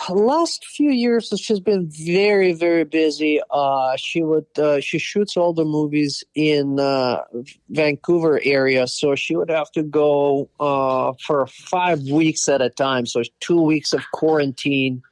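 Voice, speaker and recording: A man from Russia in his forties, speaking English with a Russian accent as a podcast guest. He tells stories with plenty of "you know" and acts out what others said. His voice sits a bit high and sounds close and dry. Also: takes it slowly, dry recording. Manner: animated storyteller, acts out quoted voices, frequent "you know". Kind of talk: casual storytelling interview.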